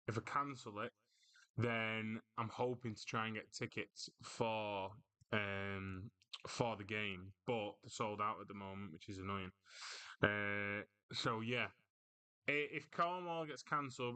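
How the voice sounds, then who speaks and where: Bright, crisp-voiced chatty football streamer. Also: male voice, on the low side. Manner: chatty, reads out viewer comments and answers them. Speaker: livestream host. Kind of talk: casual football chat livestream.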